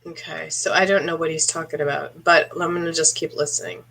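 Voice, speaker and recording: A woman psychic medium giving a live-stream reading, speaking haltingly and clearing her throat often as she asks a viewer questions. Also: sits low, little pitch movement, fairly bright tone. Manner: halting, searching delivery with frequent throat clearing; addresses a viewer directly with questions.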